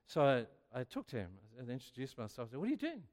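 A man's voice: medium pitch, quick pace. An older man preaching a sermon, telling stories and acting out the dialogue with growing energy. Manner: animated, acts out dialogue in a rising voice. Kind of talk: sermon storytelling. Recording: long hall reverb.

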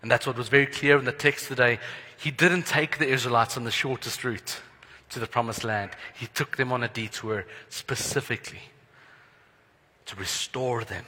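A man pastor preaching a sermon in an earnest, prayerful way, letting his phrases trail off softly. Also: mid-range voice, fairly even intonation, moderate pace, a little hiss or hum. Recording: long hall reverb.

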